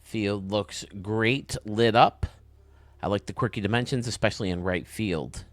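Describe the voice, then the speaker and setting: A young man hosting video game commentary, enthusiastic and casual, heaping quick praise on what he shows. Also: on the low side, no room sound. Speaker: host.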